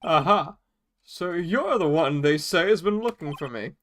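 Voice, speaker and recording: A woman voicing a pompous, blustering older male lawyer who talks in a booming, theatrical way, with game music behind. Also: animated, measured pace, a little hiss or hum.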